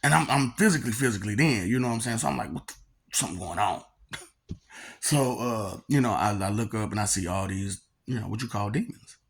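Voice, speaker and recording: A man's voice: on the low side, a little fast, gravelly, breathy edge. A man telling a personal story in a casual, rambling way. He laughs often and keeps repeating filler phrases.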